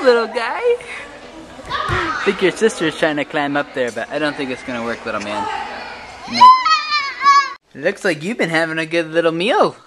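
A young father chatting casually for a family vlog, bursting into excited high baby talk with his kids. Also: background noise.

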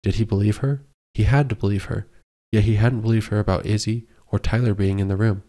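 A man narrating a romance audiobook in a measured storytelling manner. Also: lowish voice, steady tone, dark tone. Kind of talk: scripted narration.

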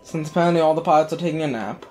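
A man's voice: a little high, rapid-fire, a little mellow, soft background music. A man giving casual, joking commentary while playing a video game. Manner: wry, joking quips. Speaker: co-host of a let's play channel.

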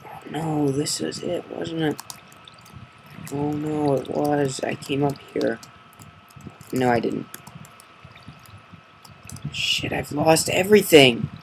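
A man giving casual commentary on his own gameplay, muttering curses under his breath and breaking into loud outbursts. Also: on the high side, slow, creaky, long pauses, background noise. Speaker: gamer narrating his gameplay. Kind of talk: casual Let's Play commentary.

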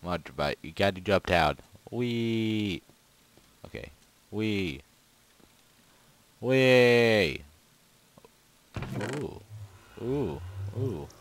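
A man giving casual, rambling gameplay commentary with goofy, excitable outbursts. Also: lowish voice, very slow, pauses often, poor audio. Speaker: gaming video creator.

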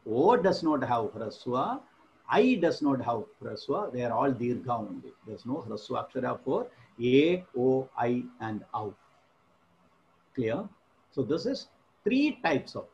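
A middle-aged man with a Malayali English accent gives a classroom lecture and repeats key terms patiently. He breaks into chanted syllables and keeps asking if the class follows. His voice sits at an ordinary pitch, and the recording sounds dull and lo-fi. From India. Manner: explanatory, repeats terms, chants Vedic syllables, checks understanding. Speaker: Sanskrit professor.

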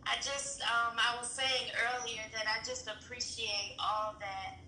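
A woman's voice: a little high, level tone, measured pace, bright, forceful tone. A middle-aged mother reading her daughter's message aloud, emotional and often laughing. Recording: echoey room with faint noise.

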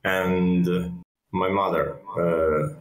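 A man voicing a solemn half-elf son of a druid, speaking in a slow, halting way. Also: sits low, little pitch movement. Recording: echoey room.

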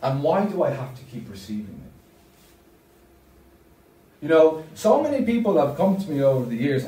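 A man's voice: a little high, sing-song, moderate pace, pauses often, warm tone. A man giving a parish talk as a deacon, speaking emphatically and putting questions to his audience. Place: church. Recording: echoey church from far off.

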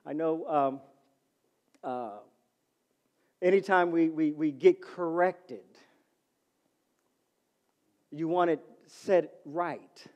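A middle-aged man preaching a sermon as pastor, calling out to the congregation and swinging from loud to soft. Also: fairly high pitch, takes it slowly, long pauses. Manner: calls to the congregation.

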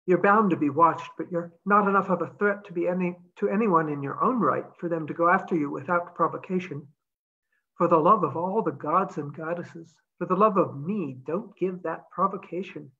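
Woman reading out a stubborn steady soldier guy, calm and firm, lo-fi muffled sound. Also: on the low side, normal speed.

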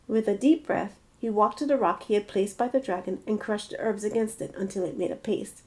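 Woman author-narrator, storybook reading, even and expressive. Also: medium pitch, fairly quick, few pauses. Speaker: author reading her own novel.

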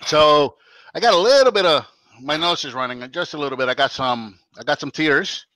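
A man's voice: on the high side, expressive, fairly quick, pushed and bright, no room sound. A man hosting a casual on-camera spicy chip challenge, chatting and laughing with wry understatement while his mouth burns and his eyes tear up. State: mouth burning, teary. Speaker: channel host.

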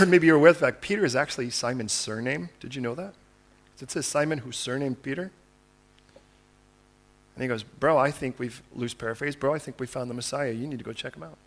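A man, a pastor, preaching a conversational sermon, acting out the words of biblical figures and moving between quiet asides and loud, fervent appeals. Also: mid-range voice, fairly quick.

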